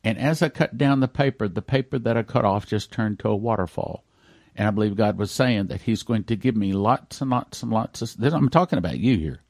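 A male pastor preaching a radio sermon in an earnest way, moving between loud emphatic lines and hushed, almost whispered ones. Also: lowish voice, brisk, dry recording, studio quality.

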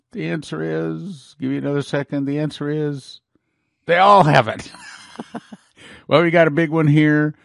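A middle-aged man presenting a talk on hidden symbols, counting things out loud and posing rhetorical questions to the viewer. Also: medium pitch, no room sound, clean studio sound. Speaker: Christian prophecy presenter. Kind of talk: conspiracy-style presentation.

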